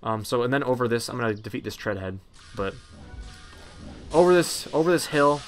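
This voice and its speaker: A man's voice: medium pitch, expressive, fairly quick, soft background music. A man casually narrating a game walkthrough, chatty and rambling with many ums and uhs. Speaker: gameplay narrator.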